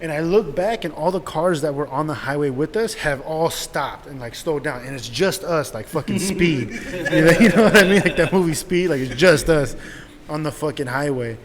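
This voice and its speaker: A young man telling a story in a casual, animated and profane way, laughing as he goes. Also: a little high, normal speed, a crowd in the background. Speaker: podcast host. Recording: echoey room with faint noise.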